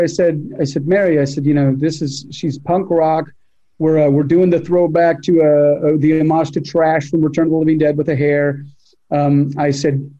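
A man, a film director, telling anecdotes from the shoot in a casual interview and quoting his own words. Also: fairly high pitch. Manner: animated anecdote teller, quotes himself. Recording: dull lo-fi sound.

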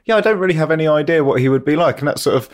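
A man's voice: fairly high pitch, lively intonation, rapid-fire. A man hosting a podcast, musing aloud in casual interview chat with hesitant fillers. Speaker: podcast host.

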